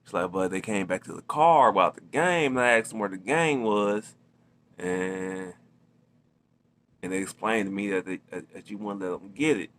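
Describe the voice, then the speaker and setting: A man's voice: low voice, moderate pace, fairly bright tone, a little hiss or hum. A man casually telling a personal story, rambling with many fillers, restarts and slang. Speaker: storytelling vlogger.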